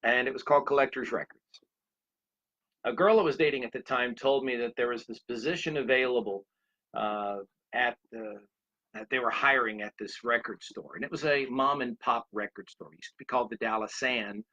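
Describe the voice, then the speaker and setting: Bright-voiced man in his 60s telling stories. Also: mid-range voice, brisk. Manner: rambling anecdotes, addresses listeners directly. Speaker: speaker. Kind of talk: motivational storytelling talk. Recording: dull lo-fi recording.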